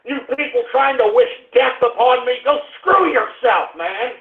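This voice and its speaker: A man hosting an internet radio show, ranting and cursing angrily, dropping to grumbles and rising to shouts. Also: very high-pitched, moderate pace, creaky, few pauses, breathy edge. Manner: angry, cursing, swings between grumbling and shouting. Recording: tinny phone-like radio stream.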